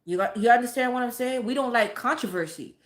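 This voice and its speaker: Female vlogger, slightly high voice, blunt and profane, casual rant; roomy echo. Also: brisk. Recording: echoey room.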